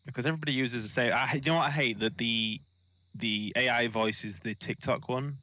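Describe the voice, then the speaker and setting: A man's voice: medium pitch, fairly even intonation, fairly quick, sharp tone, no room sound. A man from the UK co-hosting a casual podcast livestream, rambling and self-mocking with some swearing. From United Kingdom. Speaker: podcast co-host.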